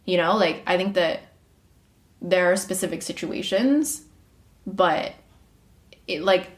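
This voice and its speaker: A woman co-hosting a podcast, chatting casually and telling stories with lively acted-out quotes. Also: fairly low pitch, slow. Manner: animated storytelling, acting out quotes. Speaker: podcast co-host. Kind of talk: casual chat. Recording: echoey room.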